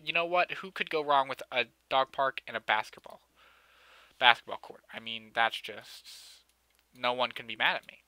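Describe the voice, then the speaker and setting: Give me a bright, joking young man narrating his gameplay. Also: medium pitch, normal speed, clear, resonant tone, dry recording. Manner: joking, sarcastic, self-mocking, often laughing. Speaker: gamer playing a city-building game. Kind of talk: casual let's-play commentary.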